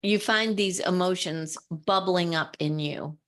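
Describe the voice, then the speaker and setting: A woman's voice: on the low side, a little slow, a bit bright. A woman co-hosting a podcast in casual discussion, speaking earnestly and with emphasis as she explains, sometimes quoting people in their own voices. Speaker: podcast co-host.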